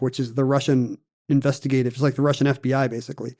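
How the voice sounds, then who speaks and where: A man's voice: medium pitch, little pitch movement, racing, a little mellow. A man co-hosting a casual podcast, telling a story in a wry way with plenty of fillers. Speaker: podcast co-host.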